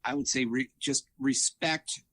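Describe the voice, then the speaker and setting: A man's voice: medium pitch, steady tone, measured pace, fairly bright tone. A man, a triathlete guest in a casual interview, telling stories animatedly, acting out quoted dialogue with lots of fillers and restarts.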